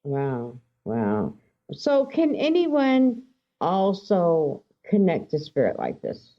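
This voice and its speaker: A woman hosting a spiritual radio talk show, animated and emotional, laughing and stumbling over her words. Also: fairly low pitch, slow. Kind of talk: casual radio interview. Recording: dull lo-fi line.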